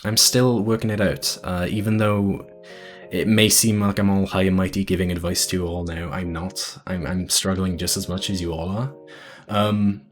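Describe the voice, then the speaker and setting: A man's voice: low-pitched, steady tone, moderate pace, soft background music. A young man giving a casual online convention panel talk from a room at home, earnest and rambling, often repeating words as he starts a sentence. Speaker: convention panelist and video editor.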